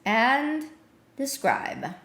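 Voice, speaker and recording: A woman streamer chatting casually on a live stream, stumbling and searching for words, then getting excitable. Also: high voice, very slow, reverberant.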